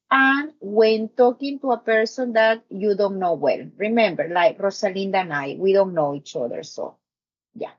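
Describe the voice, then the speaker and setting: A woman teaching English grammar on a live stream, slowly repeating example sentences and checking with "no?". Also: medium pitch, a little mellow, highs cut off. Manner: explains slowly, repeats examples, asks "no?" often.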